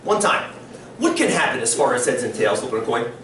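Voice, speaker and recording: A man's voice: medium pitch, fast talker, a little hiss or hum. A man teaching a statistics class, lecturing and quizzing his students. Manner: lively, quizzing students often. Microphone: distant room recording. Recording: echoey classroom from a distance.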